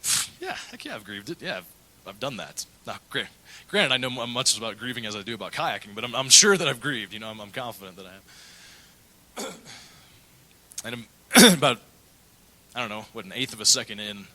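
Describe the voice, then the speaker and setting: Bright-voiced male pastor, candid storytelling. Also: on the low side, slight background noise, poor audio. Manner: candid, storytelling with acted-out quotes. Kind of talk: sermon. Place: church.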